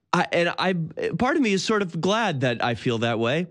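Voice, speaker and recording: A man's voice: fairly high pitch, very animated, moderate pace, fairly bright tone. A man in his thirties hosting a talk show, delivering a sardonic, incredulous monologue with frequent laughs. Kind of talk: casual monologue.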